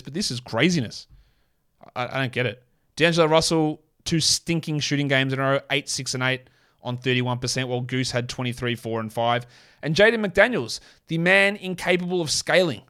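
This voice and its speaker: A man hosting a casual sports show, reading off stats quickly with blunt, sarcastic commentary. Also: fairly high pitch, fairly bright tone, smooth. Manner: blunt, sarcastic, rapid-fire stat reading. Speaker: podcast host.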